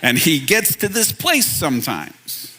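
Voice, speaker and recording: A man's voice: on the high side, huge pitch swings, unhurried, sharp tone. A man in his thirties preaching a conversational sermon as pastor, with self-deprecating asides and questions to the audience. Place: church hall.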